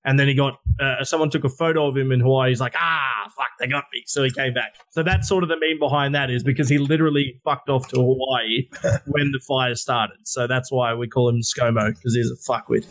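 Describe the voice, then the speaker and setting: A man's voice: mid-range voice, fairly even intonation, a little fast. A man, a guest on a stream, bluntly explaining things in casual chat and checking in with "right?". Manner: blunt and sweary, explains eagerly with lots of "right?".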